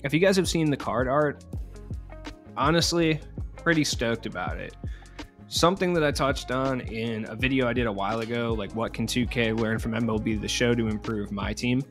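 A man's voice: mid-range voice, moderate pace, fairly bright tone, faint music behind. A young man hosting a casual video game news vlog, rambling and full of fillers. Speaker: gaming news YouTuber.

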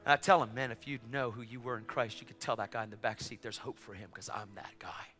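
Middle-aged male preacher, bright piercing tone, animated storyteller who shouts at peaks; reverberant hall. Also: medium pitch, fast talker, a faint crowd. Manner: excitable, acts out dialogue, rising to shouts. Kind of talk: sermon storytelling. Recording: long reverb of a large hall.

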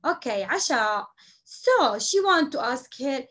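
High-voiced teacher drilling words slowly. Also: female voice, very animated, a bit bright. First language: Arabic. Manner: repeats words slowly, switches into Arabic to explain. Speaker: English teacher. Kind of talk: classroom lesson for young children.

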